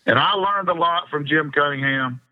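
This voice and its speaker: A man's voice: a little high, normal speed. A man, an interview guest spinning long rambling anecdotes in a casual chat and laughing often. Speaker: interview guest, fishing pro. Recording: dull lo-fi sound.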